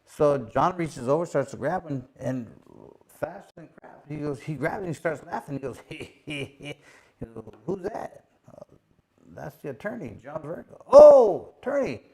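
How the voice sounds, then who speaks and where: Middle-aged man, somewhat high voice, casual storytelling, acts out other voices, lots of "you know" and "he goes". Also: measured pace. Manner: animated, acts out quoted voices, many fillers. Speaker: host, former boxing champion.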